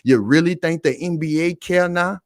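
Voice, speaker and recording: A man's voice: on the high side, moderate pace, no echo, studio quality. A man hosting a live stream and talking casually, preaching and calling out to his viewers again and again.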